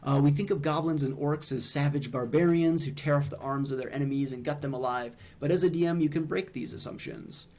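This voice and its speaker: A man's voice: on the high side, a little fast, few pauses, a little mellow. A young man streaming, casually analyzing game humor in a hesitant way, with frequent ums and restarts.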